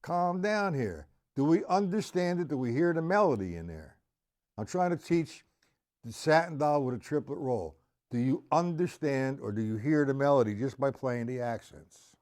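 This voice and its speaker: A man teaching a live-streamed drum lesson, patiently explaining and counting rhythms out loud, with faint drumming behind him. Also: mid-range voice, animated, normal speed.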